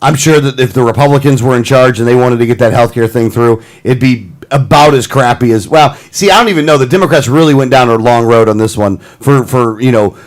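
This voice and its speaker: A man's voice: medium pitch, brisk, hardly any pauses. A male co-host bantering jokily about politics on a talk radio show, rambling and joking. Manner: rambling, jokey, breaks into bad impressions.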